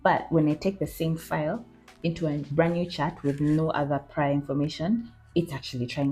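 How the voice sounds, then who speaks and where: A woman vlogs in a casual, bubbly way, her voice low and mellow. She gets animated and playful, and faint background music sits under her talk. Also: moderate pace. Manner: bubbly, animated, mimics the chatbot in funny voices; excitable squeals and laughs. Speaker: vlogger. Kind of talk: casual vlog chat.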